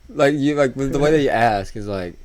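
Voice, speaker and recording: A man's voice: mid-range voice, fairly quick, darkish tone. A young man co-hosting a podcast, chatting casually with a dry, sarcastic manner and frequent laughs. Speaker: podcast co-host. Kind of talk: casual chat.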